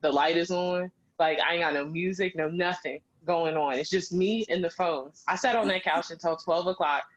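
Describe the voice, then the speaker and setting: A woman co-hosting a podcast, telling a story in animated casual chat with slang. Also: fairly low pitch, moderate pace, hardly any pauses. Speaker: podcast co-host. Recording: dull lo-fi sound.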